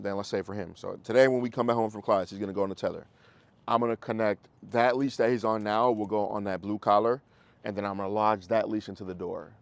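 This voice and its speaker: A male dog trainer explains methods to his class in a loose, animated way, acting out what dogs and owners say. His voice sits low and has a gravelly edge, and he swears casually. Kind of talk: casual coaching in a group class.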